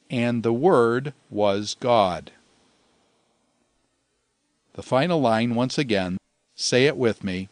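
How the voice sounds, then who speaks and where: Slow, measured male language teacher. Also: medium pitch, expressive, no room sound. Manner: measured, pausing often, drawn-out Greek phrases for repetition. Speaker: Greek teacher. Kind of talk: slow, deliberate grammar lecture.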